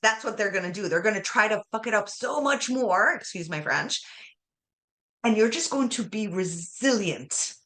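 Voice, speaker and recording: A woman co-hosting a podcast, giving emphatic, encouraging advice. Her voice is bright and sharp, and her pitch swings widely, so every point lands with energy. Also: lively intonation, moderate pace. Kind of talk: podcast conversation.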